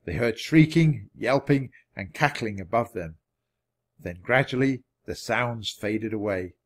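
A man narrating a children's audiobook in an expressive reading voice. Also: a little slow. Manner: expressive, varied pitch. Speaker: audiobook reader.

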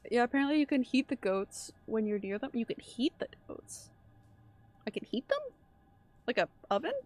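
A woman live-streaming a horror game, reacting excitably and chatting with her viewers as she plays. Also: fairly high pitch, normal speed. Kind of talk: live gameplay commentary.

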